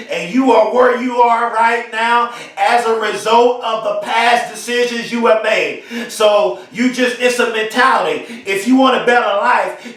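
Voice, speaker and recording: A man giving an emphatic motivational speech, repeating slogans and often shouting them. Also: sits high. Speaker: motivational speaker. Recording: very echoey, from far off the mic.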